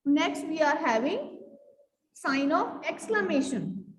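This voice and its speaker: Woman teacher, high-pitched, repetitive classroom questioning, reverberant room. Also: very animated, slow pace. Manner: repeats questions to the class, fills with "you can say". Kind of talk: classroom grammar lesson. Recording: echoey room with long reverb.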